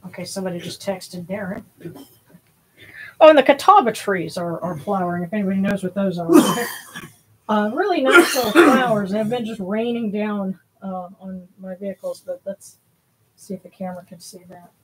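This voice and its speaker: A woman hosts a spiritual livestream, chatting casually and rambling with many fillers and restarts while sounding a little out of breath. Her voice is medium-pitched with lively intonation and a moderate pace, over slight background noise.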